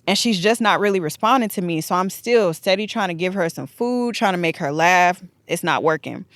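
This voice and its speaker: Lowish-voiced woman telling a story. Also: a little fast, dry recording. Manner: animated, acts out the dialogue. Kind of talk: casual storytelling on a podcast.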